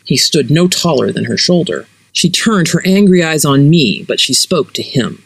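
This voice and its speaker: A narrator reading a fantasy story aloud, expressive and varied. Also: medium pitch, moderate pace, gravelly, husky, dry recording, poor audio. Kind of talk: fiction reading.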